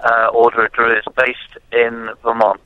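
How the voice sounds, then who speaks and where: A man's voice: medium pitch, monotone, measured pace. A man with an English West Country accent, talking as a guest on the phone, hesitant with many ums. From England, West Country. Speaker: guest, druid teacher. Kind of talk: phone interview. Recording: lo-fi phone line.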